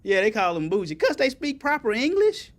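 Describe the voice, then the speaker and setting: A man's voice: high-pitched, huge pitch swings, a little fast. A man preaching a sermon in folksy vernacular, asking the congregation for answers and building to emphatic peaks.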